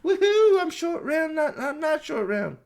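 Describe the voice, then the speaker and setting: A squealing falsetto sidekick, young and greedy, whoops with giddy glee. The voice is pitched far above a grown man's. It is a mocking cartoonish parody. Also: sing-song, a little slow, vocal fry, exaggerated voice.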